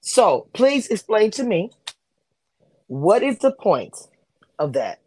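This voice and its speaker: Woman host of a reaction stream, husky, excitable, interrupts a lot. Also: medium pitch, slow pace. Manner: excitable, interrupts, cries hold on and wait. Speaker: show host. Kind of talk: heated reaction chat.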